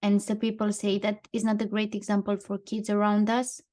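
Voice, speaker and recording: A woman's voice: medium pitch, completely flat delivery, normal speed, darkish tone. Thoughtful woman co-hosting a podcast. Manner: thoughtful, reads out quotes and card lines. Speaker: podcast co-host. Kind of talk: casual podcast chat, partly read from notes.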